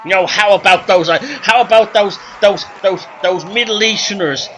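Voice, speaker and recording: A man playing a sleazy, brash male nightclub comedian who works a crowd with crude, shouty patter. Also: high voice, moderate pace, a little hiss or hum, pitched above the performer's own voice.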